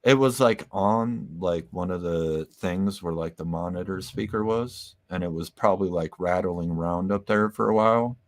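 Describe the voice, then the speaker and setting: A man's voice: sits low, normal speed, few pauses, dry recording. A man guesting on a podcast, chatting casually about his music, rambling with lots of fillers and swearing. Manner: laid-back, swears a lot, rambling with many fillers. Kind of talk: casual interview chat.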